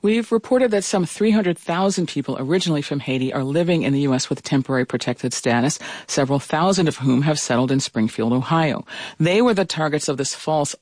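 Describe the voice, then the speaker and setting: A woman hosting a morning radio news program in a measured, scripted way. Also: a bass voice, a little mellow, no echo. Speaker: news host. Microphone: studio mic.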